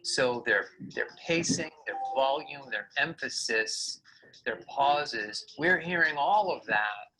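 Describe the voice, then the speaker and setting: Bright-voiced man teaching a video lesson. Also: medium pitch, slight background noise, poor audio. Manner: clear explanatory delivery with vocal demonstrations. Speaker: communication coach.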